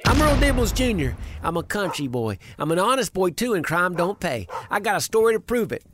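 Cocky country boy for a comic radio bit, pitched up and folksy, a man playing him. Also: very animated, a little fast, over loud music. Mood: smug. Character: brash young country boy, proud and folksy.

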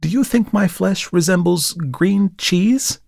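A man reading a story aloud and voicing a lively, teasing young woman who models for an artist. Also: high-pitched, takes it slowly, creaky, no echo, studio quality, pitched above the performer's own voice, exaggerated voice. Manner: bright, pert, scolding. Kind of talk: audiobook character voice.

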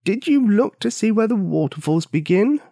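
A man voicing a stern, secretive old man who guards a lake, speaking slowly and gravely in a storybook reading. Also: sits high, big pitch swings, dark tone, dry recording, clean studio sound, voice pushed up, heavily acted.

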